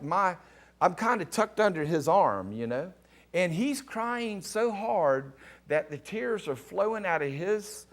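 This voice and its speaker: A middle-aged pastor telling a personal testimony in a sermon, animated and excitable, with a gravelly voice. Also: male voice. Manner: animated storyteller, rising to excited high pitch at climaxes. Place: television studio.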